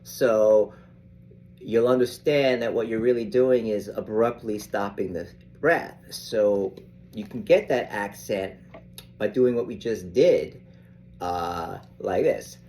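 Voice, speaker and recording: An older man teaching saxophone in an unhurried, rambling way, often restarting his sentences. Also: lowish voice, darkish tone. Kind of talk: casual instructional talk.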